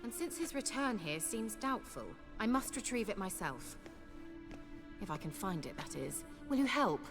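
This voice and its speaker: An actress voicing a self-assured sorceress who speaks in a measured, courteous way. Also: female voice, mid-range voice, very animated. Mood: determined. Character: sly sorceress woman, poised and self-assured. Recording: game audio with loud music.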